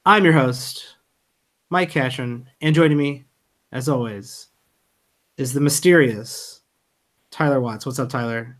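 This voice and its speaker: A man's voice: medium pitch, measured pace, long pauses. A man hosting a podcast in casual chat, talking loosely with lots of fillers. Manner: loose, filler-heavy talk. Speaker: podcast host.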